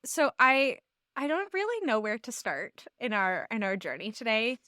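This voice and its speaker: Upbeat woman podcast host, high-ish and very animated, laughs easily. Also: normal speed, clear, resonant tone, dry recording, clean studio sound. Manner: enthusiastic, laughs a lot. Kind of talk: casual chat.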